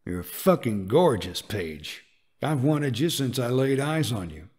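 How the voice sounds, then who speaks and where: A man voicing a deep-voiced, smug and seductive biker club president in an audiobook, speaking in a low murmur. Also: sing-song, a little slow, darkish tone, breathy edge. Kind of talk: audiobook dialogue.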